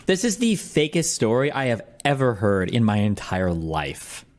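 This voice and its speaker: Lively, incredulous male streamer. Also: medium pitch. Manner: quick, incredulous, sarcastic retelling. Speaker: streamer reacting to videos. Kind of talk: casual reaction commentary.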